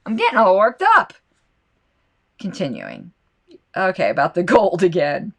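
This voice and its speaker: A woman's voice: lowish voice, huge pitch swings, measured pace, gravelly. A woman hosting a solo podcast with a slight lisp, talking in a rambling, impassioned and indignant way between passages she reads aloud. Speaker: podcast host.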